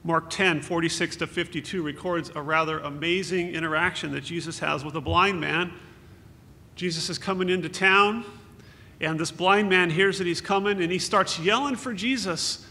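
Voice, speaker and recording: A man's voice: sits high, moderate pace, pushed and bright. A man giving an earnest, consoling memorial sermon as pastor, quoting scripture. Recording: echoey hall with faint hum.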